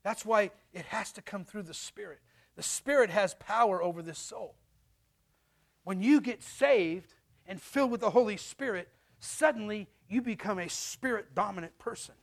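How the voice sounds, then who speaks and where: A middle-aged man preaching a sermon as a pastor, animated and storytelling, acting out little voices. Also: sits high, normal speed, gravelly.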